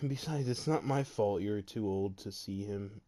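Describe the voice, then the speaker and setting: A man voicing a menacing teen boy hero possessed by a symbiote, speaking in cocky, calm threats. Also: on the low side, a little slow, close to an everyday voice. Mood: taunting.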